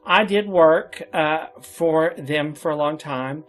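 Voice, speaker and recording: A man's voice: on the high side, slow, a bit bright. A man being interviewed, telling long stories about his work in theater in a casual, chatty way with frequent laughter. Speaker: interview guest.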